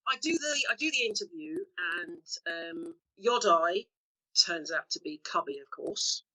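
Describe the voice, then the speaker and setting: A middle-aged woman telling stories as an interview guest, acting out the quotes with lively shifts of voice and frequent laughs. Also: fairly low pitch, unhurried, low-quality recording. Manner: lively storyteller, acts out quotes, laughs often. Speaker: actor being interviewed. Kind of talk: anecdotal interview chat.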